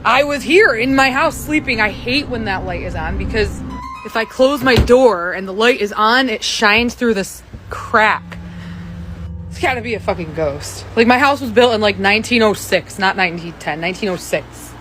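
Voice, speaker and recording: A woman's voice: on the high side, expressive, moderate pace, fairly bright tone. Mom walking thru her house talking to herself, swears a bit, some faint music under it. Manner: loose, swearing, talking to herself as she checks rooms. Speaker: mother checking her home. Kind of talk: casual talk while filming.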